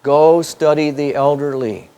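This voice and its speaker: A man's voice: on the high side, steady tone, measured pace, dark tone, clean tone. A man with a slightly raised voice delivering a spiritual teaching to a gathered audience. He drives each point with repetition and a string of rhetorical questions, speaking emphatically. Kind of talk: spoken teaching to a live audience. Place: hall in front of an audience.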